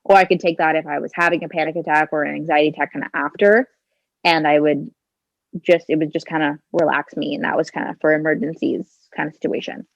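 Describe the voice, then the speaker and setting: Young woman in her 20s telling a story on a podcast, lots of like and kinda, lowish voice, dull lo-fi phone sound, dry. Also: fairly even intonation, fast, gravelly, dry recording. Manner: chatty, leans on "like" and "kinda", acts out her own thoughts. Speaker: podcast guest. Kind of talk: casual personal storytelling. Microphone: handheld phone.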